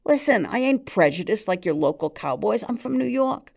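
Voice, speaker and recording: A woman voicing a nervous, eager male New York barman, earnest, excitable and streetwise. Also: sits high, normal speed, gravelly, voice pushed up, full character voice.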